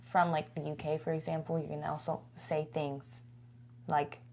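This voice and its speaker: A woman's voice: low-pitched, little pitch movement, moderate pace, vocal fry, mellow, slight background noise. Chatty woman podcast co-host. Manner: chatty, lots of fillers and restarts. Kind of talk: casual chat.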